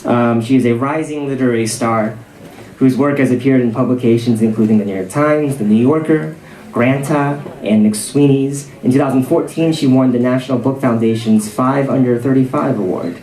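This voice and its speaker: A man's voice: mid-range voice, normal speed, warm tone. A man hosting a literary event, reading a formal introduction with a few fillers. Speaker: event host. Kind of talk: introducing a speaker. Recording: echoey room.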